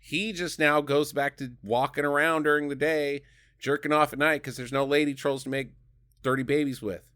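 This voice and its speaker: A man's voice: on the high side, steady tone, moderate pace, a bit bright. A man co-hosting a podcast, recapping a movie in a profane, joking way. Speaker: podcast co-host. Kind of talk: casual comedic movie recap.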